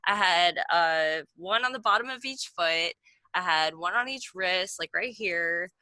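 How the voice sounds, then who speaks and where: A woman in her thirties rambles through a story on a casual video call, her speech packed with "like" fillers. Her fairly low voice is pushed and bright and a little slow, coming through a video call mic with no room sound.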